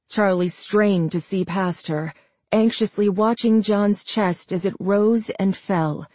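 Slow, measured woman narrating a story. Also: mid-range voice, fairly even intonation, darkish tone, no room sound. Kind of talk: scripted audiobook narration.

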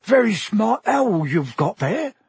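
A male reader does a friendly, courteous innkeeper in a storybook, chuckling and attentive. The voice is raised above the reader's own and husky, in a dry close recording. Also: sits high, big pitch swings, slow, no echo, voice pushed up, exaggerated voice. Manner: courteous, beaming.

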